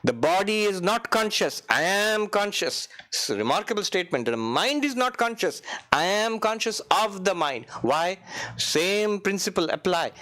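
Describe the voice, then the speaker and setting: Speaking at normal speed, a male monk leads a retreat talk in a meditation hall. He's animated, his pitch swinging high and low, and he chuckles and chants Sanskrit verses.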